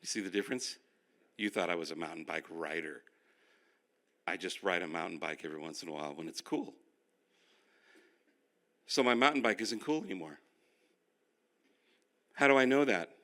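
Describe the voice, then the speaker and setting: An older male pastor teaching a finance class, telling animated, self-deprecating stories. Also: sits low, normal speed, pauses often. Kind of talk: sermon-style finance class.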